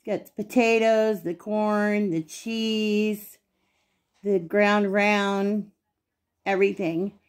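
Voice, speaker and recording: A woman's voice: mid-range voice, fairly even intonation, slow, clean tone. A woman hosts a casual cooking video from her home kitchen, talking straight to her viewers. Her talk is chatty and homely, and at times she speaks with her mouth full. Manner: chatty, homey, talks while eating. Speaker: cooking channel host.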